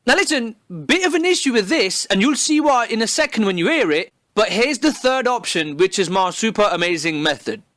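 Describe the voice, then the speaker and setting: A man's voice: high voice, lively intonation, a little fast, hardly any pauses, fairly bright tone, dry recording, clean studio sound. A man delivering a sarcastic, heavily profane comedic monologue, recorded on a phone. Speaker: comedy video creator.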